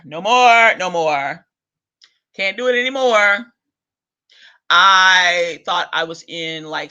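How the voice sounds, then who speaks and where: A man's voice: high-pitched, bright, forceful tone. A man hosting a video rant, profane and exasperated, with chuckles between lines. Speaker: vlog host. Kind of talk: ranting monologue.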